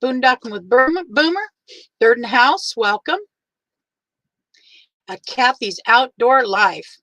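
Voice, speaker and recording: Older woman, livestream host, teary, warm and chatty, bright higher voice. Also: animated, unhurried, no echo, rough recording. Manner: warm, chatty, greets each viewer by name. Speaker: livestream host greeting viewers. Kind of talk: casual livestream chat.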